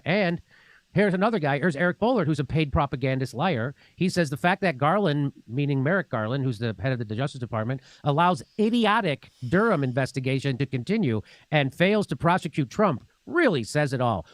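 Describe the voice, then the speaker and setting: A man's voice: on the high side, animated, fairly quick, no room sound. A man hosting a political commentary show, talking in a sarcastic, combative way. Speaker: show host.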